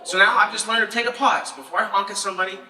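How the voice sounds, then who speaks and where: A man's voice: high voice, steady tone, rapid-fire, sharp tone. A young man performing a stand-up comedy set, telling punchy sarcastic stories and working the crowd. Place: comedy festival stage before a live audience. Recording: echoey live room, mic far off, noisy.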